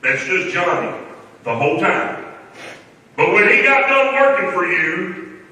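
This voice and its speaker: A man tells folksy, humorous stories in a funeral eulogy. His voice is slightly high and very bright. He is recorded from a distance in a big echoing hall with a faint hiss behind him. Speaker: eulogy speaker. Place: large church hall. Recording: echoey hall from far off.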